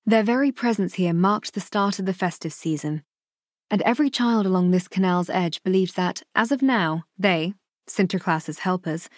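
Woman audiobook narrator, lowish voice, steady delivery, dry booth sound. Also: no echo. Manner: measured, even storytelling.

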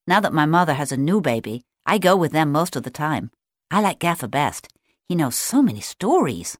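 A woman's voice: deep voice, dry recording, clean studio sound. A woman voicing Bobby, a chatty, eager young male sea otter in a storybook reading, raising her voice a little. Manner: friendly, keen to show what he knows.

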